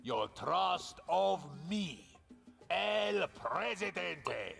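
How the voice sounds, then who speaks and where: A grandiose dictator, slow theatrical speech, high gravelly voice, sweeping pitch, faint music. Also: male voice, big pitch swings, fairly bright tone, exaggerated voice. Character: grandiose male island dictator.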